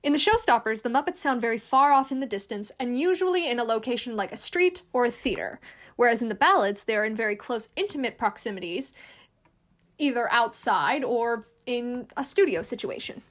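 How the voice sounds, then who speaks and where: A woman reading a scripted video essay in a clear, measured, explanatory way. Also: fairly high pitch, animated, fairly bright tone. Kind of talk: scripted narration.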